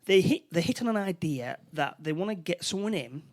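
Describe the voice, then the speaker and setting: A man's voice: sits high, expressive, fairly quick. A man co-hosting a casual film podcast, rambling through the plot with many repeated words and restarts. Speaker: podcast co-host.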